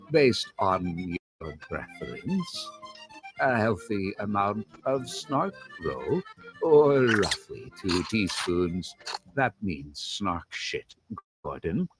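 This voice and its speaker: A man's voice: lowish voice, poor audio. A man delivering a mock cooking-show recipe in a showy, instructional way.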